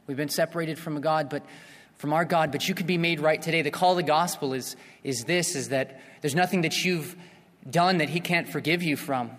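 A man's voice: fairly high pitch, moderate pace, a bit bright. An earnest man preaches with a slightly raised voice, often restarting and repeating his phrases. He swells into impassioned calls to the listeners. His voice rings with the long reverb of a hall. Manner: earnest, builds to impassioned appeals. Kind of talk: evangelistic sermon.

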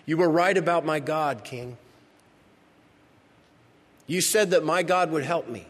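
A man preaching, voicing a faithful prophet who speaks with calm assurance in short, emphatic statements. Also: on the high side, a little slow, big-room sound, voice pushed up. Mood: assured.

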